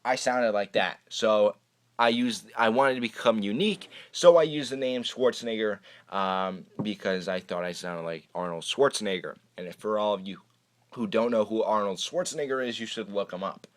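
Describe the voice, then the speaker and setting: Speaking at a normal speed in a voice on the low side, a young man hosts his magic channel and chats through viewer questions. The casual Q&A vlog rambles, full of halting restarts, and was captured by a camera microphone.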